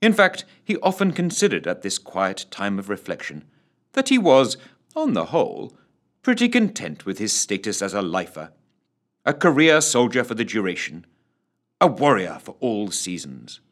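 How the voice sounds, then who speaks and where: A man narrating an audiobook in an expressive storytelling manner. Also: on the low side, moderate pace.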